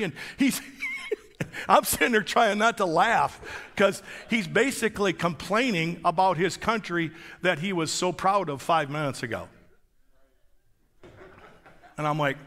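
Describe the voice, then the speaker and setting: A man's voice: on the high side, expressive, normal speed, fairly bright tone, big-room sound. A man preaching as a guest pastor, telling a story in an emphatic, conversational way on a church stage. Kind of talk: sermon.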